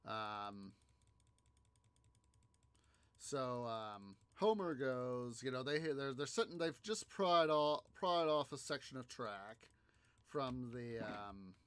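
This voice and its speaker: A man hosting a gaming video, telling a story in a halting, rambling way, full of fillers and restarts as he plays. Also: mid-range voice, lively intonation, a bit bright, clean tone. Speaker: gaming channel host. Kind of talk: casual gameplay commentary.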